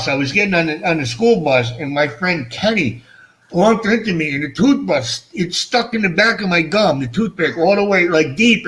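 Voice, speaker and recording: A man's voice: sits high, a bit bright. A middle-aged man hosting a casual fish-keeping livestream, rambling and self-mocking, swearing freely, his speech shaped by missing front teeth. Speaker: fish-keeping channel host.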